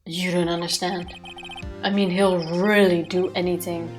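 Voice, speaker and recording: A woman reading the lines of a cold, proud male prosecutor in a measured, stern way, with game music behind. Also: on the low side, little pitch movement, lightly acted.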